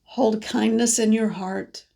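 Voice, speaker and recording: A woman psychic card reader delivering a gentle, meandering spiritual message monologue, congested from allergies, with many pauses and restarts. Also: on the high side, fairly even intonation, vocal fry.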